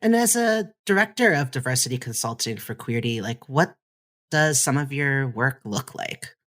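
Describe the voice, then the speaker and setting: A podcast host guiding an interview with calm, measured questions. They listen closely and drop in soft murmurs of agreement. Their voice sits at an ordinary middle pitch.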